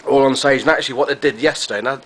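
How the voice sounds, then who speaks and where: A man's voice: mid-range voice, rapid-fire. A man chatting to camera in a rambling, effusive vlog, repeating himself as he goes. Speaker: vlogger. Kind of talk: casual chat to camera.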